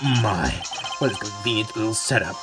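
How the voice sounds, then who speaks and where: A man's voice: lowish voice, a little fast, pitched below the performer's own voice, close to an everyday voice. A man voicing a cold, arrogant male prosecutor who talks down to everyone. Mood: sneering. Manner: sneering, condescending. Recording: music playing behind.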